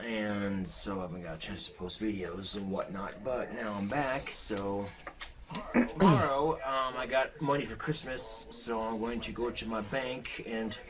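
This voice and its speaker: A young man rambling haltingly in a home video vlog, with many fillers. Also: fairly low pitch.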